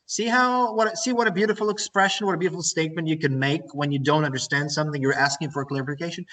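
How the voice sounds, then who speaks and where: Ukrainian-accented male English teacher, bright and somewhat high voice, a bit off-mic. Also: animated, quick pace, distant mic, rough recording. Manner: explains and repeats phrases, stresses grammar points. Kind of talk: online lesson lecture.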